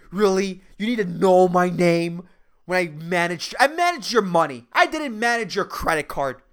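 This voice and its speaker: A man's voice: sits high, a bit bright. A man hosting a podcast, telling customer stories in an exasperated, sarcastic and profane rant. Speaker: podcast host. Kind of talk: ranting storytelling.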